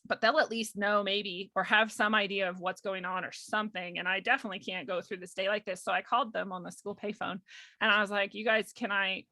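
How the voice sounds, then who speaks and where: A young woman guest telling a personal story in casual conversation, animated, laughing often and acting out quoted voices. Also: medium pitch, brisk, no echo. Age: young adult.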